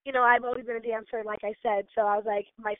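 A young woman in her twenties, a gymnast and dancer, chats casually as an interview guest, bubbly and full of fillers. Her voice is a little high with a level tone, and she talks fast. The line sounds tinny and phone-like, dry with no echo.

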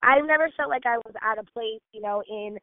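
A gymnast and dancer in her twenties talks as a casual interview guest at a fairly quick pace, her voice fairly high. She's bubbly and chatty, using lots of fillers. The tinny, phone-like audio is dry, without echo.

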